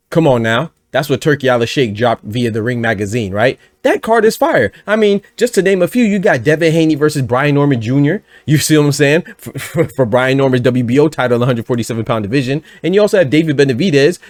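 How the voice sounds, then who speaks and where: Male boxing-news host, chatty and energetic, mid-range voice, dry booth sound. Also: mid-range voice, no echo. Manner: energetic, chatty, full of asides and sudden laughter. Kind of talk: casual commentary.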